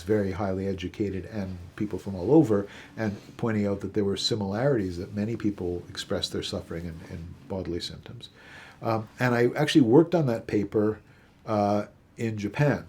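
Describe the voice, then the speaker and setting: A man from Canada, a psychiatry professor, telling stories from his past in an interview, halting with many fillers and restarts. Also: lowish voice, dark tone, a little hiss or hum. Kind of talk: reflective interview storytelling.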